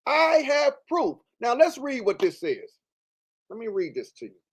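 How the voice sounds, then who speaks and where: A man's voice: extremely high pitch, huge pitch swings, a little slow, breathy edge. A man hosting a commentary show, reading out text messages and answering them with emphatic repetition and rhetorical questions. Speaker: show host.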